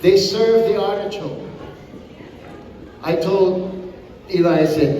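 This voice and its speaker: A man's voice: high voice, slow pace, pauses often, a little hiss or hum. An older man from Hawaii with a Hawaiian accent, a comedian chatting and telling stories to a live audience. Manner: animated, chatty storyteller. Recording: echoey hall from far off.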